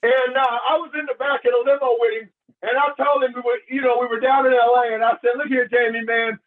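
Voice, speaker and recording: A man giving a motivational talk, animated and preacherly, leading his listeners in call and response and telling stories. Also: very high-pitched, quick pace. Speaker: motivational speaker. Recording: tinny phone-line sound.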